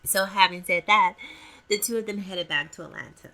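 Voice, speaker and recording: A woman's voice: mid-range voice, a little fast, creaky, pushed and bright. A woman hosting a casual gossip commentary vlog, playful and talking straight to her viewers.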